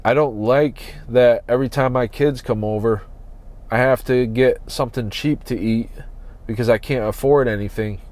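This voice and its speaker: A man hosting a solo podcast from inside his parked van, talking slowly and earnestly as he searches his soul. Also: medium pitch, fairly even intonation, darkish tone. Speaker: podcast host.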